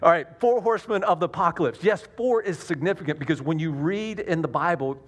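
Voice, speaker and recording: A man's voice: fairly high pitch, brisk. A man with a Southern US accent preaching a sermon to his congregation, earnest and self-deprecating, with frequent restarts and dad jokes. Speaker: pastor.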